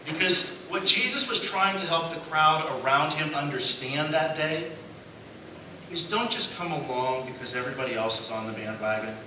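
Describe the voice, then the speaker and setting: A pastor whose voice sits on the high side speaks at an ordinary pace, spinning funny stories through his sermon. He mimics the voices of those he quotes and laughs along with his own jokes. Captured far from the mic in an echoing sanctuary, the audio carries noise.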